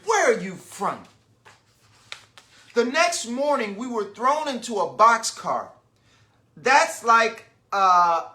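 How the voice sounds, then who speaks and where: A man's voice: sits high, pushed and bright. A man reading a picture book aloud to children, stopping to explain words and to ask his young listeners questions. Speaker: children's storyteller.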